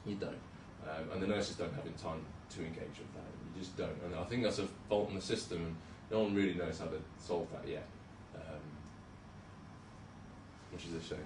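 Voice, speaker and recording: Speaking at a moderate pace in a deep, steady voice, a young man who works as a junior doctor gives a casual slide talk. He's chatty and self-deprecating but hesitant, with many ums. The recording has background noise and comes from a roomy hall, with him far from the mic.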